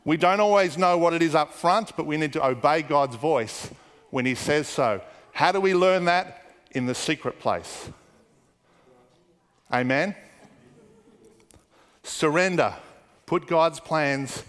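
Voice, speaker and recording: A man with a fairly high voice preaches a sermon to a congregation, his words ringing with a long reverb through a church hall. He tells stories and lowers his voice into quiet, muttered asides when quoting others. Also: slow, long pauses. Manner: storytelling with hushed, muttered asides for quoted people. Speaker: pastor.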